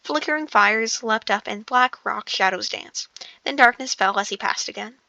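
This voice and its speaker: A woman's voice: a little high, normal speed, gravelly, sharp tone, no room sound, dull audio. A woman casually reading a novel aloud, often stumbling over words, restarting sentences and breaking off for joking asides. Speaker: audiobook reader.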